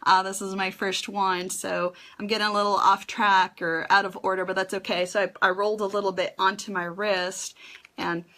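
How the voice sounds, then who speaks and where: A woman's voice: medium pitch, little pitch movement, normal speed. A woman hosting her first live stream for an essential oils class, chatty and a little nervous, with many ums as she greets viewers. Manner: chatty, warm greetings to viewers, filler-heavy.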